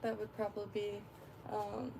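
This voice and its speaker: A woman from Florida, USA, who livestreams about fishing, chats casually in a rambling way, full of fillers and frequent laughter. Her medium-pitched voice is flat and creaky, moving at a moderate pace over background noise.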